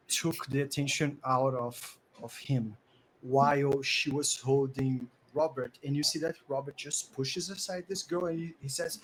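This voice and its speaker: A man with a Portuguese-speaking background narrating as game master in a lively storytelling way. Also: mid-range voice, normal speed, slight background noise, poor audio. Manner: lively storytelling with many "like" fillers. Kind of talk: narrating a tabletop game in English.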